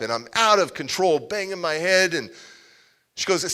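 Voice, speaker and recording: A man giving a motivational talk in a large hall, telling a story in an animated way. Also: a little high, moderate pace, clean tone. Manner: animated, acts out scenes. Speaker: motivational speaker. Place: large civic center hall, live audience.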